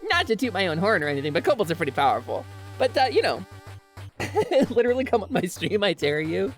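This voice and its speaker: A woman's voice: medium pitch, very animated, quick pace, faint music behind. A young woman chatting playfully while streaming a game, giggling and slipping into goofy in-character bits. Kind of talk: casual chat while gaming.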